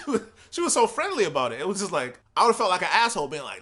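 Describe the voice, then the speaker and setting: Young man from Providence, quick bright delivery, loose profane storyteller. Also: fairly high pitch, sing-song. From Providence, Rhode Island. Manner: laid-back, profane, laughs through stories. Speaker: podcast host. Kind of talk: casual storytelling.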